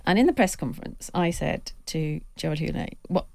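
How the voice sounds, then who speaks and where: A woman's voice: low-pitched, a little fast, gravelly, no echo. A middle-aged woman, a football writer on a podcast panel, telling a long anecdote with relish and acting out the voices of the people in it. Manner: lively storyteller who acts out quoted voices.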